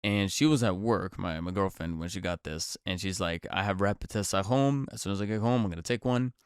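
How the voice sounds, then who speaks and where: A man's voice: low-pitched, fairly quick, smooth, dry recording, clean studio sound. A man hosting his own podcast in casual chat, a bit nasal and congested from a cold, rambling with many fillers and restarts. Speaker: podcast host. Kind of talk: casual solo podcast talk.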